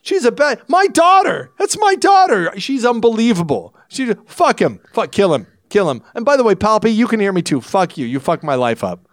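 Shrill angry young space knight done by a man, high, swearing, dry sound. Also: very animated, normal speed, hardly any pauses, no echo. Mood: furious. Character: furious young male space knight, ghostly and proud.

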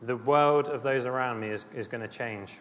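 A man's voice: medium pitch, moderate pace, a bit bright. A man preaching a sermon, earnest and emphatic, often repeating his phrases. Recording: long hall reverb, faint ambient noise.

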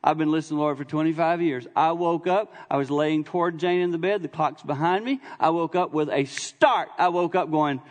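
A man's voice: fairly high pitch, a little fast, hardly any pauses. A middle-aged man preaching a sermon in a church, telling stories conversationally with humor and sudden bursts of emphasis. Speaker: visiting preacher. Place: church sanctuary. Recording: long hall reverb in a church.

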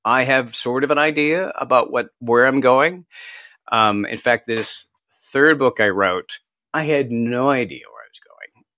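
A man's voice: mid-range voice, measured pace, bright, forceful tone, dry recording. A middle-aged man, an author guest in a casual interview, chatty and self-deprecating, laughing often as he tells anecdotes. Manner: tells anecdotes with quoted asides.

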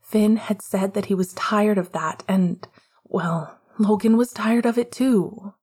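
Woman, audiobook narration, soft, unhurried, husky. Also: mid-range voice. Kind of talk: scripted narration.

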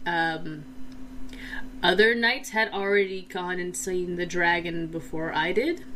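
A woman's voice: on the low side, steady tone, pushed and bright, a little hiss or hum, poor audio. Woman playing an unsure young knight. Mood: hesitant. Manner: halting, hesitant, sincere. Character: young, inexperienced, earnest male knight.

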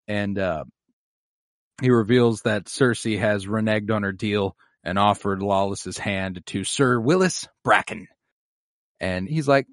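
In a lowish voice at a measured pace, a male podcast co-host chats through a TV episode recap, cursing freely and animatedly performing the characters' dialogue. The sound is clean studio audio with no echo.

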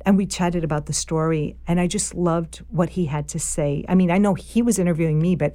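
A middle-aged woman who directs films, talking casually with many restarts and fillers that turn animated as she goes. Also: lowish voice, brisk, no echo. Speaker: film director. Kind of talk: casual conversation about filmmaking.

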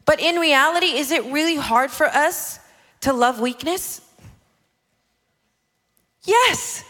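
A woman in her thirties delivers a sermon in a high, bright voice, animated and playful, slipping into the voices of those she quotes. She speaks slowly, and each phrase trails a long reverb as though in a large hall.

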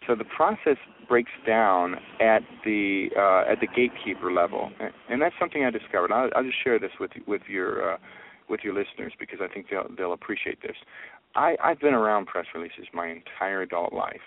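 Male news reporter guest, low voice, animated storytelling, tinny phone-line radio audio. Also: fairly quick. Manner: animated, acts out quoted conversations.

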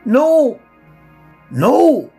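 A man's voice: very slow, gravelly, darkish tone, faint music behind. A man crying out as a frantic drowning girl. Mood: panicked, pleading. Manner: shrill desperate cries.

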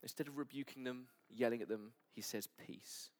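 A man preaching a sermon at a church service, earnest and sometimes dropping to soft near-whispers. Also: medium pitch, fairly even intonation, brisk. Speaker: pastor.

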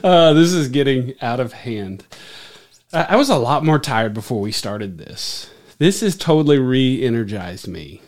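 A man's voice: medium pitch, lively intonation, a little slow. A man who speaks on stage every week as a pastor, chatting casually and teasing his co-host. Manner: playful, teasing. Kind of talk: casual chat.

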